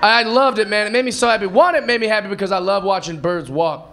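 Excitable high-voiced man doing stand-up. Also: fast, noisy background. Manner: excitable, acts out voices of other people. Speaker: stand-up comedian. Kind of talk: live stand-up storytelling. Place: comedy club stage before a live audience. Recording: live club recording with crowd laughter.

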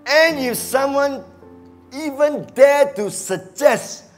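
A man with a Malaysian English accent preaching a sermon as pastor, animated, dropping to muttered asides and acting out quoted voices. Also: extremely high pitch, slow, soft background music. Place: church.

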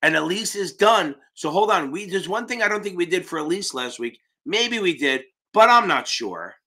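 A man's voice: high-pitched, lively intonation, moderate pace. Brash, profane male tutor. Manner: emphatic, with shouted interjections. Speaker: exam prep tutor hosting a live Q&A. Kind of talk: live-stream Q&A.

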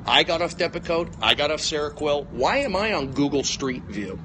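A man's voice: expressive, a little fast, hardly any pauses, background noise. Agitated ranting man on a phone. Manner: agitated, shouty, jumps between loud bursts and low mutters. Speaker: comedian livestreaming. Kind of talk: rambling livestream rant.

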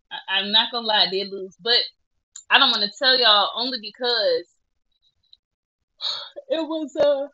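Chatty woman, bright lo-fi voice. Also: medium pitch. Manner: chatty, self-mocking, laughing through tears. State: tearful at times. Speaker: vlogger. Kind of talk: casual selfie vlog.

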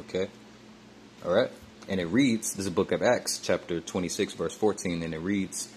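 A man teaching from scripture in a repetitive, halting way, tagging nearly every phrase with "man," "all right," "okay" or "you see," with many fillers and restarts. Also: deep voice, a little mellow, slight background noise. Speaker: religious teacher.

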